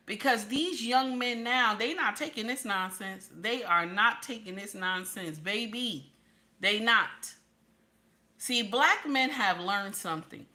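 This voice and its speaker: Speaking straight to her female audience, a middle-aged woman with a medium-pitched, sharp voice hands out preachy relationship advice. She's emphatic and keeps repeating herself.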